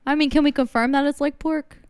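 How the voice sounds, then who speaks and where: A woman's voice: sits high, fairly even intonation, brisk, no echo, studio quality. A woman co-hosting a podcast in casual chat, teasing with blunt quips. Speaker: podcast co-host.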